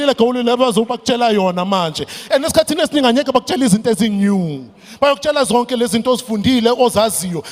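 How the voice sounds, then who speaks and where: A man giving a motivational speech from a stage, energetic and shouting chants for the crowd to repeat. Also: very high-pitched. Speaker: motivational speaker. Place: large event hall stage. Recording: echoey hall.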